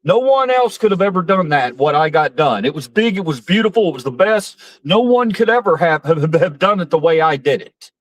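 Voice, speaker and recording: Guy putting on a bragging blowhard voice, raised pitch, swoopy over-the-top superlatives. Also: expressive, fairly quick, hardly any pauses, dry recording, rough recording. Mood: boastful. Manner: grandiose, repetitive superlatives. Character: boastful grown man bragging about everything.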